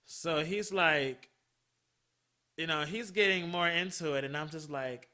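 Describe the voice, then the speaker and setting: Bright-voiced chatty man telling a story. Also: on the high side, unhurried. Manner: chatty, animated, swears freely, laughs often. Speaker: podcast host. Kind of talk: casual storytelling monologue.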